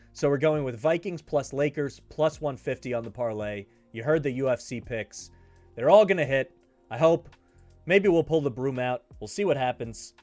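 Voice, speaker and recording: A man's voice: medium pitch, a little mellow, no room sound. A man hosting his own sports betting show, talking casually and hammering his points home by repeating them. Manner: emphatic, repeats himself for stress. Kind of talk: casual betting picks talk.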